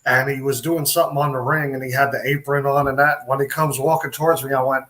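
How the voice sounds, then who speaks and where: A man's voice: mid-range voice, level tone, fast, a bit bright. Man telling wrestling stories. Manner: rambling anecdotes with quoted dialogue. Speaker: podcast guest, wrestler. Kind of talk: casual storytelling interview.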